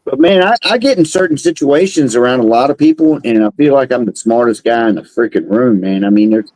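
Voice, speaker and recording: A man's voice: mid-range voice, lively intonation, brisk, a little mellow, dry recording, poor audio. A man rambling bluntly in casual livestream chat. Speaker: livestream guest.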